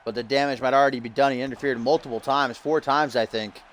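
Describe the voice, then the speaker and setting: A man giving lively play-by-play commentary on a video game wrestling match, getting loud at big moments. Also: medium pitch, fast talker, a little hiss or hum. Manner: excitable, shouts at big moments.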